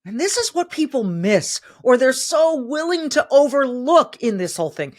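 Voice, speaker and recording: A woman's voice: high voice, very animated, moderate pace, darkish tone. A middle-aged woman hosting a podcast, delivering emphatic opinion commentary and repeating phrases for stress. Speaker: podcast host.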